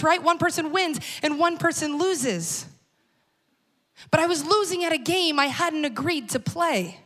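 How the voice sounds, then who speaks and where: A woman's voice: high voice, fairly bright tone. A woman in her thirties giving a personal storytelling talk, conversational and wry, speaking straight to the audience. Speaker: speaker at a church talk series.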